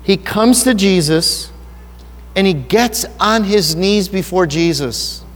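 Pastor, male, higher-pitched voice, earnest and conversational, church hall with a long echo. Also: slow pace. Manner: earnest, personal and conversational, with rhetorical questions. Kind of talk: sermon.

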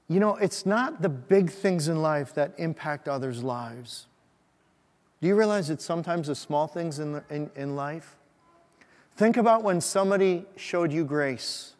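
Preaching man in a reverberant church. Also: on the high side. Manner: emphatic preaching, swinging between loud and soft. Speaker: pastor. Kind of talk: Christmas sermon with a read-aloud story. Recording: long hall reverb.

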